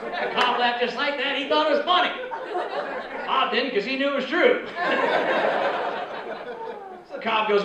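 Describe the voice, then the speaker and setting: Stand-up comic in an echoey club. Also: male voice, very high-pitched, very animated, slow, long pauses, very noisy. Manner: storytelling, acting out other people's lines. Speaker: stand-up comedian. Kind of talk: stand-up routine. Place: comedy club stage. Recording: echoey club, far mic, crowd laughter.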